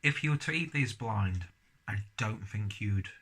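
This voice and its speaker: A man with a husky, low-pitched voice reviews beer and food in a relaxed, chatty way. His tone is forceful and bright, and he often keeps talking between bites. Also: measured pace. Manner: chatty, talks while chewing. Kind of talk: casual tasting review.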